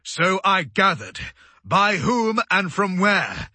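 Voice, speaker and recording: A man voicing an imperious male fleet commander who barks sharp demands in an audiobook. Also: on the high side, lively intonation, slow pace, creaky, slightly rough, dry recording, full character voice. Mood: demanding.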